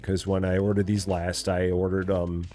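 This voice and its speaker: This middle-aged man streams a store simulator game, chatting to himself as he stocks shelves and reading viewer chat aloud to answer it. His voice sits low and warm, fairly monotone, at a moderate pace over soft background music.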